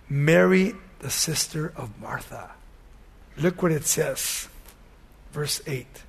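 A man's voice: high-pitched, in a large hall. A man preaching a sermon who reads scripture aloud and then retells it in casual everyday speech.

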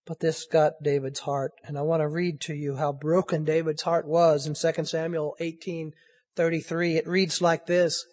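Man, preacher, sermon, impassioned, rhetorical questions, high voice, long hall reverb. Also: flat delivery, moderate pace, a little mellow.

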